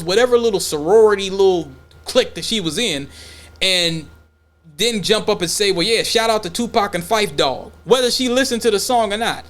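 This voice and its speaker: A man co-hosting a podcast in casual opinion talk, blunt and profane, acting out imagined dialogues as he goes. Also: sits high. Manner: animated, acts out imagined dialogues. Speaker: podcast co-host.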